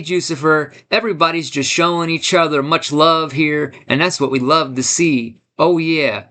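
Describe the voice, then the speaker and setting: A man with a fairly bright, somewhat high voice hosts a livestream from his home studio. He is hyped up, welcoming chat viewers one at a time.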